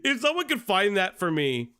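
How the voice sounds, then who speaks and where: A man's voice: sits high, wildly swooping pitch, normal speed, sharp tone, clean tone. A man hosting a commentary stream, telling a story in casual chat, laughing often mid-sentence and swearing a lot. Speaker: stream host.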